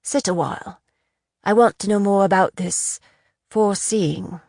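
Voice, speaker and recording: Woman voicing a calm commanding lord. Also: medium pitch, a little slow, gravelly, no room sound, clean studio sound. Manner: even, authoritative. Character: commanding young male lord, calm and probing.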